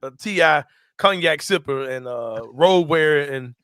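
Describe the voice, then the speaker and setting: Man, sports show host, high voice, dry close mic. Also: a little slow, dry recording. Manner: loud, laughing storyteller, swears freely. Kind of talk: casual sports chat.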